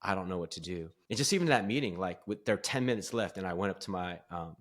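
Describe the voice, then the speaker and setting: A man's voice: low voice, animated, quick pace, fairly bright tone. A man guesting on a podcast, telling a personal story in an earnest, openly vulnerable way and laughing at himself now and then. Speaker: podcast guest, performance coach. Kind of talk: candid conversational storytelling.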